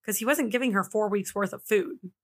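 A woman's voice: mid-range voice, fairly quick. A woman hosting a podcast, telling a true-crime story in a casual, chatty way with lots of "like" fillers. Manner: chatty, frequent "like" fillers, laughs easily. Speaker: podcast host.

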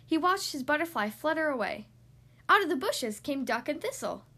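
A woman hosting a podcast, reading a picture book aloud to young children in a bright, animated way. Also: high-pitched, normal speed.

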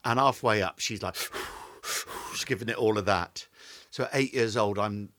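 A man's voice: lowish voice, brisk, a bit bright, no room sound. A man from England, a podcast guest telling anecdotes theatrically and acting out the quotes. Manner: theatrical storyteller, acts out quotes. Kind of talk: anecdotal celebrity interview.

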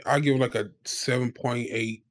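A man's voice: medium pitch, fairly even intonation, normal speed. A man on a casual podcast giving blunt, joking opinions. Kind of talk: casual chat.

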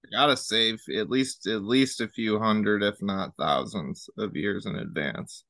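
A man talking as a podcast guest, earnest and halting, often restarting his sentences. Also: lowish voice, fairly bright tone, dry recording. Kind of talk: casual chat.

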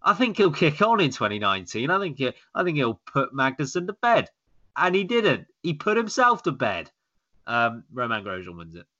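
A man hosts a casual podcast chat, joking and wry. His voice is bright and forward, with a pitch that jumps around a lot. The recording sounds dull and lo-fi. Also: wildly swooping pitch, moderate pace. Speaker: podcast host.

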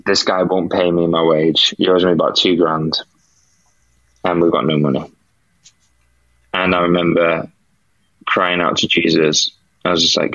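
A man's voice: sits low, level tone, unhurried, long pauses, a bit bright, dry recording. A British man, a podcast guest, earnestly telling a faith testimony and acting out the dialogue he remembers. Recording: dull lo-fi dry sound.

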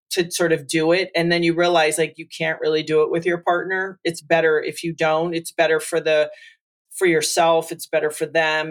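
Rambling, animated podcast host. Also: male voice, fairly high pitch. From Trinidadian father. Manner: rambling, animated, with frequent fillers. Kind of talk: conversational interview.

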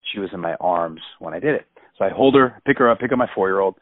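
A man's voice: low voice, expressive, fast talker, dry recording. A man in his thirties animatedly and emphatically retelling a personal story. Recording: dry tinny phone-like sound.

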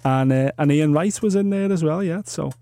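A man's voice: fairly high pitch, normal speed, warm tone, no room sound. A man co-hosting a podcast, telling stories wryly in casual chat. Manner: storytelling, wry and self-mocking. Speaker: podcast co-host.

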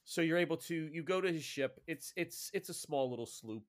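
A man's voice: fairly high pitch, animated, a little fast. A man narrating as game master in a tabletop role-playing game.

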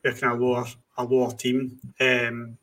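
Flat-voiced man giving blunt opinions. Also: mid-range voice, normal speed. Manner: blunt opinions, rhetorical questions. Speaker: podcast co-host. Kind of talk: casual podcast chat.

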